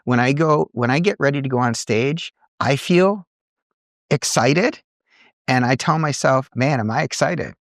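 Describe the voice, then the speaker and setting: A middle-aged man, an entrepreneur and coach, telling earnest, animated stories in a podcast conversation. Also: mid-range voice, a little slow, no echo, clean studio sound. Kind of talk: conversational storytelling.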